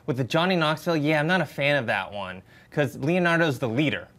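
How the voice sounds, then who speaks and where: A man on a casual movie panel, talking in a measured, hesitant way with frequent restarts. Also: on the high side, lively intonation, a bit bright.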